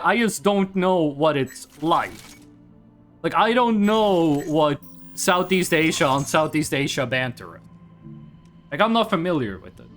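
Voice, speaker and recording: A young man from Scandinavia chats through a gaming stream in a high, bouncy voice. He talks in playful teasing banter with his viewers, with wide swings of pitch. Faint music plays underneath. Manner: joking, teasing banter with chat; animated, quick swings in pitch. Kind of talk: casual gaming stream chat.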